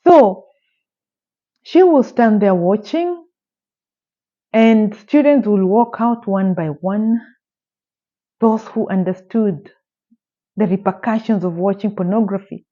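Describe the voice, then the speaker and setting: A woman's voice: medium pitch, slow pace, pauses often, highs cut off. A woman telling a true story in a casual storytime style, emphatic and indignant, with rhetorical questions.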